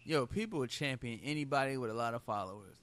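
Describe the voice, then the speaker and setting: A man in casual podcast banter, telling stories with animated, incredulous reactions. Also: mid-range voice, quick pace, dry recording. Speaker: co-host.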